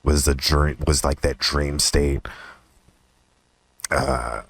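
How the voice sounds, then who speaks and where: A young man hosting his own podcast, telling a personal story in a rambling, profane way, laughing often and jumping into a higher voice when he quotes himself. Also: little pitch movement, very slow, creaky, fairly bright tone, dry recording. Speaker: podcast host. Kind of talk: casual storytelling monologue.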